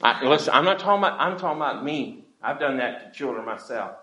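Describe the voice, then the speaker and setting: A man's voice: mid-range voice, animated, fast, roomy sound, poor audio. A pastor preaching an earnest, pleading sermon to his church. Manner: earnest, pleading preaching with wide swings in loudness.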